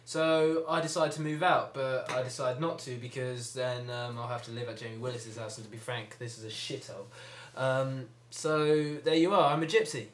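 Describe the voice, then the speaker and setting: A man's voice: medium pitch, fairly even intonation, normal speed, few pauses, echoey room. A man telling cheeky, rambling stories in casual chat in a living room. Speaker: co-host of the ramble.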